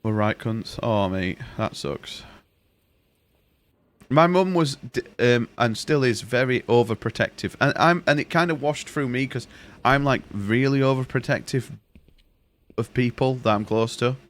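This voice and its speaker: A man's voice: mid-range voice, measured pace, a bit bright. Young male streamer, casual and sweary, rambling storyteller. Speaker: gaming streamer. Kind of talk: casual chat while streaming.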